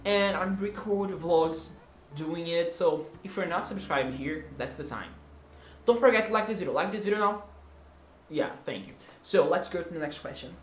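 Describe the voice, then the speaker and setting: This Brazilian vlogger in his twenties, a native Portuguese speaker with a Brazilian Portuguese accent, jokes and teases his way through a casual Q&A video. His voice is a little high and a bit bright, expressive at a normal speed, and playful and theatrical. The recording is reverberant with a little hiss or hum.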